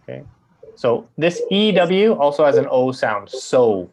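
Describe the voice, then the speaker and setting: A man teaching an English pronunciation lesson, drawing out model sounds slowly and often checking in with "right?". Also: medium pitch, very animated, a crowd in the background.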